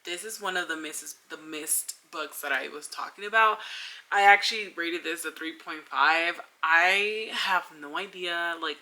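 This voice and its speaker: A woman's voice: on the low side, measured pace, sharp tone. A young woman in a casual book review vlog, chatty and gushing, with lots of filler words. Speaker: book vlogger.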